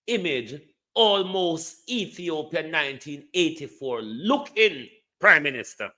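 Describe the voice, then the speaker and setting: A man's fairly high voice comes out pushed and bright. He has a Jamaican accent and offers heated, contemptuous political commentary aimed repeatedly at the Prime Minister, weaving Jamaican Patois into his English.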